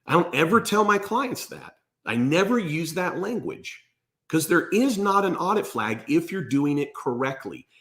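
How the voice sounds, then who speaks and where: A man's voice: fairly high pitch, very animated, normal speed, fairly bright tone. A man giving tax advice straight to the camera, emphatic and blunt, often checking in with "okay?". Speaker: host and accountant.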